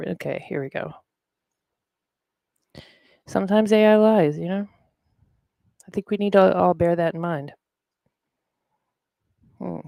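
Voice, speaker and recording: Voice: medium pitch, creaky, dark tone, no room sound. A podcast host chatting casually, rambling and talking to themselves while looking things up. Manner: rambling, talks to self while browsing. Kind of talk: casual chat.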